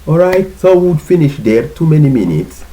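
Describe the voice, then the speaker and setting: A man giving an informal language lesson, patiently repeating words in slow drills. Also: on the high side, sing-song, mellow, low-quality recording. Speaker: language teacher.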